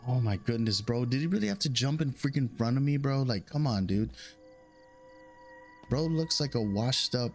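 A man's voice: medium pitch, lively intonation, normal speed, darkish tone, soft background music. A young man casually commenting on a horror game he plays, chatty and jokey, reading game lines aloud. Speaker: gaming YouTuber. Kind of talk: casual let's-play commentary.

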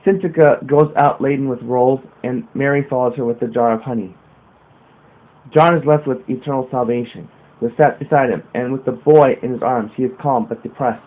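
A man reading a religious text aloud slowly, adding small explanatory comments and restarts. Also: mid-range voice, steady tone. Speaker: reader. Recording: narrow phone-like sound.

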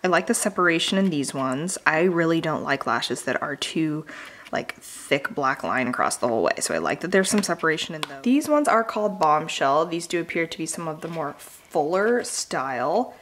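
A woman's voice: low-pitched, a bit bright. A woman beauty vlogger and makeup artist, chatting casually and enthusiastically as she unboxes products, with plenty of fillers.

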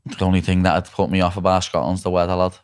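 A Scouse man hosts a relaxed podcast chat at a rapid clip. His voice sits fairly low, and he talks bluntly, swears freely and keeps calling his guest "lad.". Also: smooth. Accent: Liverpool Scouse. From Liverpool, England. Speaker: podcast host.

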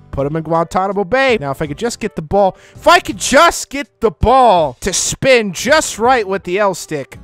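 Animated, joking man commenting on gameplay. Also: high voice. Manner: joking and self-mocking, laughs often, sudden excited outbursts. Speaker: gaming YouTuber. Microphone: close microphone.

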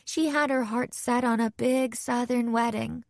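A woman's voice: a little high, fairly even intonation, measured pace, creaky, no room sound, clean studio sound, voice pushed up. A woman voicing a tired, anxious young bride who speaks hesitantly. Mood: weary.

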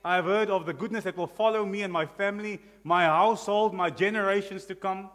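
A man playing the young shepherd David, asking urgent, excited questions in a sermon. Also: very high voice, fast, husky, pitched above the performer's own voice, heavily acted. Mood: bold. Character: eager bold young shepherd David, male. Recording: long reverb of a church hall.

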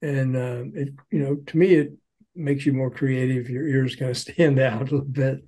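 An older man, a former record promoter, telling animated anecdotes in a podcast interview and acting out the quotes. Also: mid-range voice, moderate pace, rough recording.

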